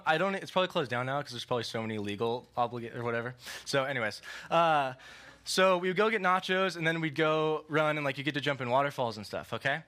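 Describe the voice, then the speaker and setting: A young man giving a sermon in a relaxed, conversational way, telling a story and checking in with listeners. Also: fairly high pitch. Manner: casual, conversational, lots of "like" and "okay". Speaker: preacher.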